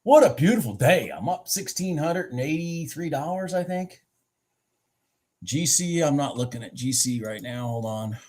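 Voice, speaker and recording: A man at his trading desk talking through a live stream, excitable and quick to restart his sentences. His pitch sits in an ordinary middle range for a man, and he sounds a little out of breath. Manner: excitable, thinks aloud with many restarts. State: a bit out of breath. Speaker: livestream day trader. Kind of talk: casual live trading commentary.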